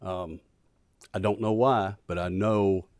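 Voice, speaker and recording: Low voiced guy at a committee hearing, lots of ums, dry mic. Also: fairly even intonation, darkish tone, no echo. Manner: halting, with frequent fillers. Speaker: state representative. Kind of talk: legislative committee remarks.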